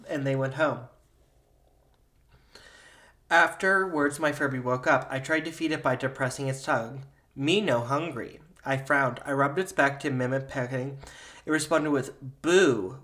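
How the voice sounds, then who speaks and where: A podcast host reads a spooky story aloud in a steady, unhurried telling. His voice sits in an ordinary middle pitch for a man.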